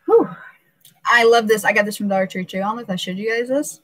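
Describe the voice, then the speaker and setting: A woman's voice: mid-range voice, quick pace, a bit bright. A woman hosting a casual live stream, rambling and emotional, laughing often and filling gaps with "uh" and "um".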